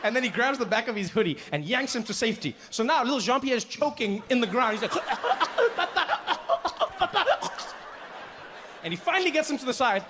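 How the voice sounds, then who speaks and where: A man's voice: very high voice, rapid-fire, hardly any pauses, very noisy. A male stand-up comedian telling a story on a comedy stage. He talks into a handheld stage mic and acts out the people in his story. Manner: animated, acts out characters. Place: comedy stage before a live audience.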